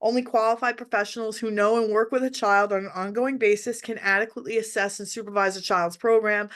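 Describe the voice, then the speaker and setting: A woman's voice: mid-range voice, a bit bright. A middle-aged woman hosting an online workshop for parents, speaking in a direct, heartfelt way with frequent restarts. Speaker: workshop presenter. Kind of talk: emotional webinar talk to parents. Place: hotel room.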